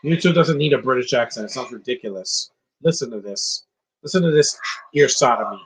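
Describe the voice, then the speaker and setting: This film commentator speaks fairly quickly in a husky, medium-pitched voice on a low-quality recording. Watching a movie live, he offers casual, opinionated remarks and rants about the parts he doesn't like.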